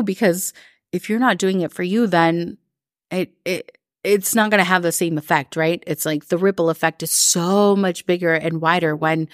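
A woman coaching her listeners in a casual, chatty talk, full of "like" and quick voices put on for other people. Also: lowish voice, no room sound, studio quality. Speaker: coach and podcast host. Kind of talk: casual live-recorded talk.

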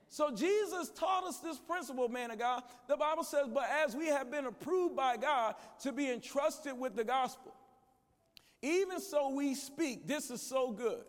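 A man preaching a conference sermon in a church, calling out to the congregation, shouting at peaks and dropping low and quiet in between. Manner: preaching with call-and-response to the congregation. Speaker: guest preacher. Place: large church sanctuary. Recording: echoey church hall.

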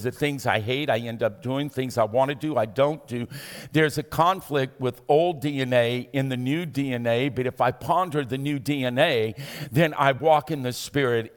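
A man preaching a sermon as pastor, building to shouted emphasis and asking the congregation to respond. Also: mid-range voice, in a large hall.

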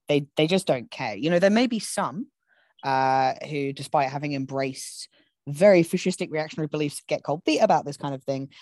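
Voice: mid-range voice, darkish tone, dry recording. A podcast co-host speaks in a mid-range voice, picking apart the topic in casual analytical chat. The sound is dry and close, with many ums and you-knows along the way.

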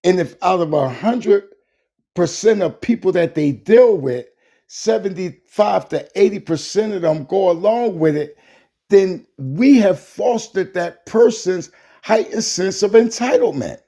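A man's voice: sits high, animated, unhurried, dark tone. A man co-hosting a casual talk show, speaking bluntly in a folksy, colloquial way. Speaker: co-host.

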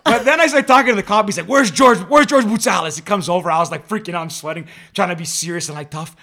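A young man from Canada, co-hosting a podcast, telling an animated story with his mother and laughing along the way. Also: high-pitched, fast talker, gravelly, background noise. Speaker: podcast co-host. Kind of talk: casual storytelling chat.

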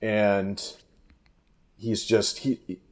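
Low-voiced man telling a rambling story. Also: drawn-out words. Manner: rambling, animated anecdotes with frequent restarts. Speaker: fishing guide, guest. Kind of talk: casual storytelling in a podcast interview.

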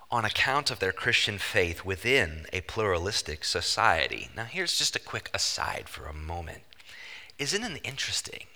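A man preaching a sermon as pastor, emphatic and animated, with joking asides. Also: mid-range voice. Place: church sanctuary. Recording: long church-hall reverb.

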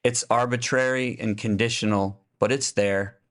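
A man voicing a talking male stray dog in a spoken short story, speaking quietly, sadly and gravely. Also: mid-range voice, steady tone, moderate pace, natural voice.

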